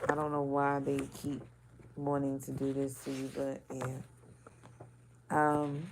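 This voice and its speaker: A woman's voice: sits low, vocal fry, noisy background. A woman giving a casual intuitive reading, talking loosely and bluntly with swearing and many filler words. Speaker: spiritual card reader.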